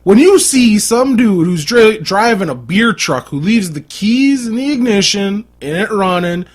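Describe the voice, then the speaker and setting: Rowdy husky-voiced man joking loudly. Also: high-pitched, animated, measured pace. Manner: loud, joking, swings from shouts to mutters. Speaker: podcast co-host. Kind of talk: crude casual chat.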